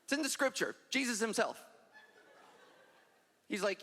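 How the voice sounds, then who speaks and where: Onstage at a stand-up comedy set, this trans woman comedian delivers self-deprecating, punchy material to a live audience. She speaks a little slowly with long pauses, in a slightly high, somewhat bright voice with lively intonation. Crowd sounds and ambience fill the echoey hall.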